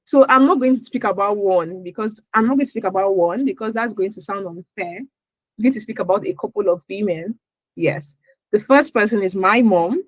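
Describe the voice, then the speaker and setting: A woman's voice: mid-range voice, moderate pace, dry recording, highs cut off. Woman from Nigeria, podcast guest, earnest, repeats words mid-thought, dry close sound. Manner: earnest, repeats words as she searches for phrasing. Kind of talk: interview answers.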